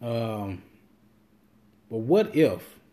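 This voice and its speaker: A man with a warm, mellow voice talking in a loose, rambling monologue as a podcast host. He swears freely and slips into quick impressions of what people said to him. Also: medium pitch, expressive. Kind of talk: casual monologue.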